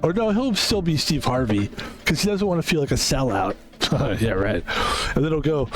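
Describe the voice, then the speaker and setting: Brief: casual male gamer, slightly higher voice, rambling, joking and swearing over gameplay. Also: very animated, moderate pace, soft background music. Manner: loose, joking, swears a lot. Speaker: streamer.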